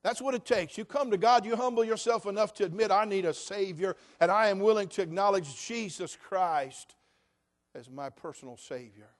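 A male pastor, preaching a sermon that moves between hushed, soft passages and loud, emphatic declarations, slowing down to stress key phrases. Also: a little high.

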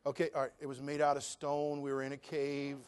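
A middle-aged male pastor preaching a sermon, who drops to a hushed storytelling voice and then climbs to loud, rising declarations while he quotes scripture in old-fashioned wording. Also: medium pitch, monotone, fairly quick, clear, resonant tone.

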